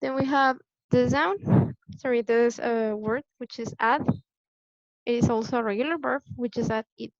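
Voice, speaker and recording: A woman teaching English pronunciation in a patient, deliberate way, repeating the key points for her students. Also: fairly high pitch, fairly even intonation, dry recording. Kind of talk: classroom lesson explanation. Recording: dull lo-fi sound, dry.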